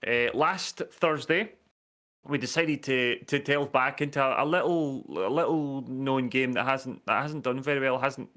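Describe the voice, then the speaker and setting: A man's voice: medium pitch, unhurried, sharp tone. Dry-joking man, podcast host. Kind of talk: casual chat.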